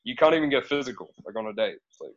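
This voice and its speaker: A man's voice: medium pitch, expressive, rapid-fire. Laid-back Australian man, lo-fi sound. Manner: laid-back, hedging with fillers, swears. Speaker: guest, dating profile coach. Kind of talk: casual chat. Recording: dull lo-fi sound.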